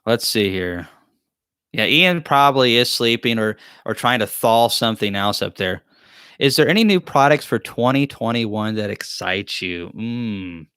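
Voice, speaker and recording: A man's voice: lowish voice, lively intonation, a little slow, a bit bright, smooth, no room sound, clean studio sound. A man hosts a live-stream Q&A, reading chat questions aloud and answering them in a joking, rambling, self-deprecating way. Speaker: beekeeping channel host.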